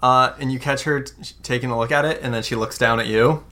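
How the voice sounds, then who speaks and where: Very low-voiced woman game master. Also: fairly even intonation, a bit bright. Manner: halting, with many fillers. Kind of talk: narrating a tabletop game.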